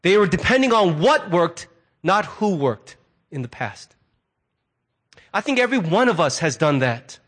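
A middle-aged man preaching a sermon as a pastor, conversational and animated, acting out quoted remarks as asides. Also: high-pitched, unhurried, long pauses.

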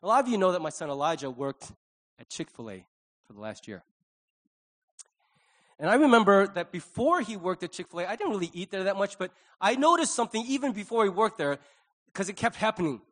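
A man's voice: high voice, big pitch swings, a little fast, fairly bright tone. A middle-aged man preaching a conversational sermon, telling stories with animation and acting out the dialogue. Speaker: pastor.

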